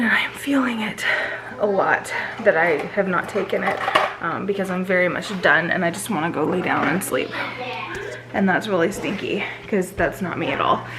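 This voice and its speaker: Sitting indoors on her stairs, a worn-out mother in her thirties talks openly to the camera for her casual home vlog, drifting a bit as she goes. She has a lowish voice, heard over a noisy background in a roomy home recording.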